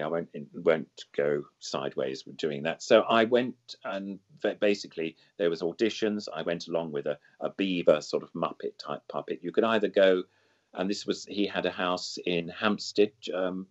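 Low-voiced older man reminiscing, lo-fi. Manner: enthusiastic, heaps on superlatives; digressive, loses then regains the thread. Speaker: guest puppeteer. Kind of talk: reminiscing interview chat. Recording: dull lo-fi sound.

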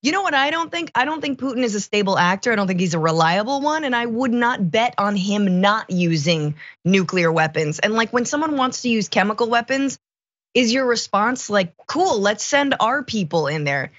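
A woman co-hosting a political commentary show, talking in an animated, sarcastic way with quick asides. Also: on the high side, no room sound, lo-fi sound.

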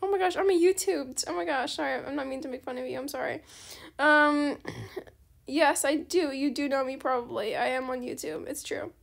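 Here a young woman who hosts a gaming channel chats over her gameplay at a moderate pace, her high voice dropping into a gravelly fry. She rambles, says sorry a lot, and gets excited easily by new things.

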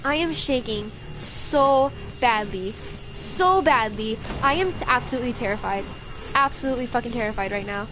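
A woman's voice: a little high, normal speed, over music. A young woman streaming a game, giving frantic, profane, jittery commentary.

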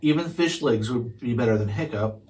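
A man's voice: medium pitch, moderate pace, noisy background, close to an everyday voice. A man voicing a sneering young Viking boy who mocks a classmate.

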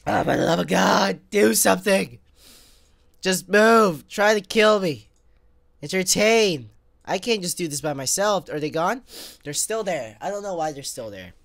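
An excitable young man doing let's play commentary, his bright, lively voice swinging up and down as he talks to viewers and grumbles at the game. He keeps breaking into sneezes and coughs, and the sound is close and dry. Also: sits high, a little slow, creaky, no echo. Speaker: gamer.

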